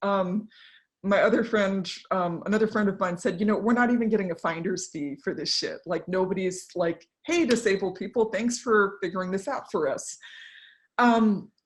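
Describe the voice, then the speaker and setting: Speaking at normal speed in a medium-pitched voice, a woman addresses an online audience from her home as an invited speaker. Her talk is candid and conversational, with fillers, asides, and voices for the people she quotes.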